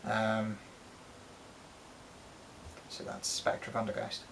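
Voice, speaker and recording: Casual collector co-host, male, creaky voice, loose and rambly, swears a lot. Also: lowish voice, completely flat delivery, takes it slowly, a little hiss or hum, poor audio. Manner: rambling, swears freely, many ums. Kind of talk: casual chat showing a collection.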